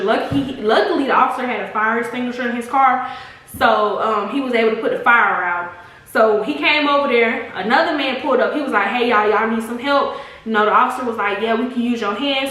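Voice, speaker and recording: A young woman, a vlogger, telling a story in a chatty, rushed way. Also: on the high side, pushed and bright. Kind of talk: casual storytelling to camera. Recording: very echoey room.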